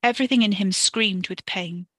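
Woman reading a story podcast, bright voice, dry close sound, steady and expressive. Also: mid-range voice, normal speed, no echo. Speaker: podcast narrator.

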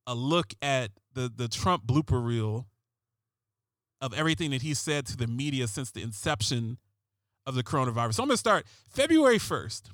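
A man hosts a comedic political monologue in a sarcastic, rambling way, tripping over his restarts. His voice sits at an ordinary middle pitch, and the sound is dry and close with no room around it. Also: big pitch swings, moderate pace, a bit bright, dry recording.

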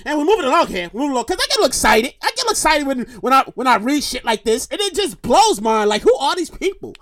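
A woman giving a ranting, comedic news commentary, loud, exasperated and profane, often shouting and running short of breath. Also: sits high, very animated, fast talker, dry recording. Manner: acts out others in quoted voices. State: getting breathless, pausing to calm down. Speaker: commentary vlogger.

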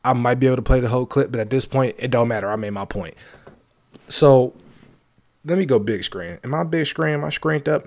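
A man's voice: medium pitch, a little fast, a little mellow. A man hosting his own show, talking in a casual monologue, emphatic and repetitive, with joking asides. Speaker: podcast host.

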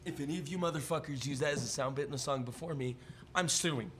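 A man's voice: fairly high pitch, fast, noisy background. A young man hosting a podcast, chatting casually and telling jokey stories full of swearing. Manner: profane, rambling, jokey storytelling. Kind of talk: casual chat.

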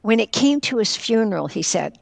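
A woman's voice: on the high side, big pitch swings, a little fast, creaky, no echo. An older woman from northwestern Pennsylvania, a caregiver and former teacher, tells a personal story as an interview guest and speaks with earnest candor. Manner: earnest, candid, tells a personal story and quotes others directly.

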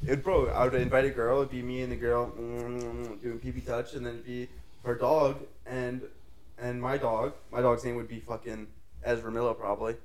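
A man's voice: mid-range voice, little pitch movement, normal speed, a little hiss or hum, poor audio. A young man co-hosting a podcast, brash and profane, talking in casual crude banter with mock indignation. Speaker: podcast co-host.

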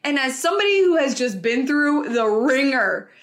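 Chatty woman co-hosting a sports podcast. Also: high-pitched. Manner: animated, quick asides, frequent "like". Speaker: podcast co-host. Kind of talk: casual sports chat.

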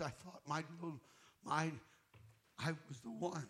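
A male guest minister preaching a sermon, telling his own story with emotion, swinging from fervent loud passages to hushed near-whispers. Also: fairly high pitch, a little slow. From United States. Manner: emotional testimony, voice rising to loud fervor and dropping to near-whisper.

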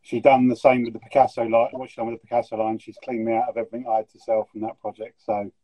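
A man's voice: medium pitch, level tone, rapid-fire, warm tone, husky, dry recording, rough recording. A middle-aged man chatting as a guest, full of joking, teasing banter. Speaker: guest breeder. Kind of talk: casual chat.

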